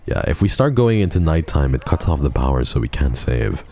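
A man with an extremely deep, gravelly voice streams a game live, talking casually to chat, swearing freely, and cracking jokes. His tone is dark and mellow, yet he's very animated and brisk.

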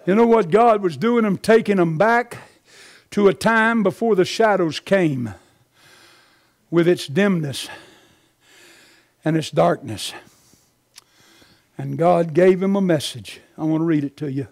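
A man's voice: high voice, slow pace, gravelly, long pauses. A man preaching a sermon as pastor, passionate, calling on the congregation to respond, out of breath. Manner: impassioned preaching with shouted climaxes and call-and-response.

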